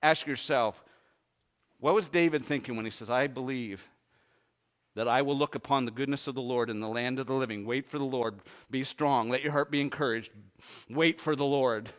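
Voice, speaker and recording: A man preaching a sermon, swinging from hushed low lines to loud ones and asking the congregation questions. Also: normal speed. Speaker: pastor.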